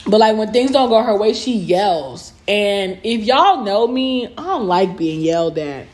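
A woman's voice: mid-range voice, animated, unhurried, a little mellow. A woman co-hosting a podcast, blunt and conversational, reading out facts and telling stories. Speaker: podcast co-host. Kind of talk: casual chat.

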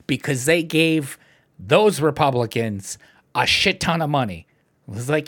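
A man's voice: a little high, unhurried. A man hosting a casual podcast, ranting about politics with plenty of swearing and frequent laughs. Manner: animated, profane ranting, laughs often. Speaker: podcast host.

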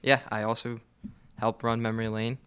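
A man's voice: medium pitch, flat delivery, normal speed, a bit bright, clear, resonant tone. A teenage boy on a school podcast in a classroom, making brief, dry remarks. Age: late teens. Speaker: podcast co-host. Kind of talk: casual chat.

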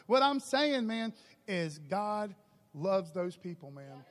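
A pastor with a high-pitched voice preaches in a loose, energetic way, dropping in "okay" and "man" between his lines. He delivers a sermon to his church. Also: slow pace.

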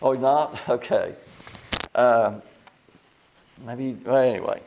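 Slow folksy older preacher. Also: male voice, mid-range voice, steady tone, darkish tone, dull audio, a little hiss or hum. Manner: folksy, digressive, restarts often, chuckles at his own stories. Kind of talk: informal sermon teaching.

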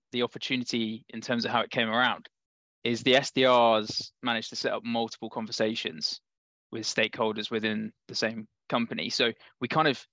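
A man with a London accent, a startup founder guest, chatting and telling an animated story on a podcast. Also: medium pitch, no room sound. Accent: London English. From England. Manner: animated anecdotal, laughs often.

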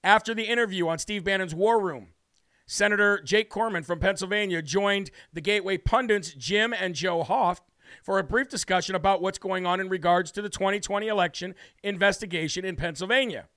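A man's voice: high voice, fairly quick, sharp tone, no room sound. An American man hosting a political talk show, brashly ranting and heatedly mocking officials with opinionated commentary.

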